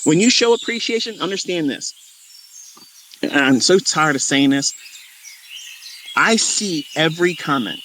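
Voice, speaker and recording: A man's voice: on the high side, lively intonation, measured pace, long pauses, sharp tone, a little hiss or hum. A middle-aged man who teaches trading, speaking to his viewers in a fervent, preachy monologue with emphatic repetition. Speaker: trading educator.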